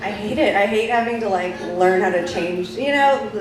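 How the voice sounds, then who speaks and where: A woman doing a stand-up comedy set in a small bar with deadpan, confessional jokes. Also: mid-range voice, normal speed. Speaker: stand-up comic. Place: small bar lounge stage. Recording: echoey room, mic far off, noisy.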